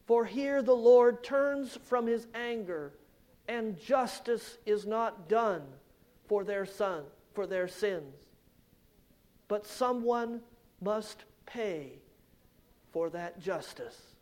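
A pastor delivers a sermon slowly and with emphasis, his voice swelling on the key points and sinking soft and low as each phrase ends.

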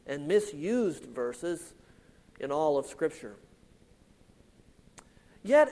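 A male pastor delivers a sermon in an unhurried, measured way. His voice sits fairly high, and he leans on important words before letting each phrase sink to a quieter close. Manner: slow, deliberate, emphatic preaching with drops in volume at phrase ends.

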